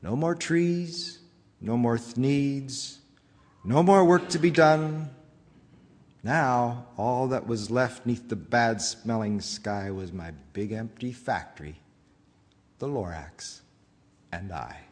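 A man's voice: medium pitch, long reverb tail, close to an everyday voice. A man voicing a greedy factory owner who tells his own story in rhyme, read aloud in a church. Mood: sorrowful. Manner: rhyming storybook narration, slow and dramatic.

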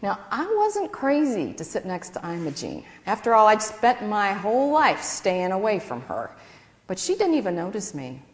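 A woman's voice: mid-range voice, normal speed. Woman reading a story in church. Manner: expressive storytelling. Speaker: reader in church. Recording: echoey church hall.

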